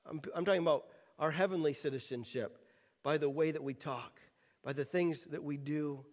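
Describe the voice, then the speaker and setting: A man's voice: on the high side, normal speed. A man preaching a sermon as pastor, who drops the g at word ends and often repeats words while he finds his phrasing. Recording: reverberant hall.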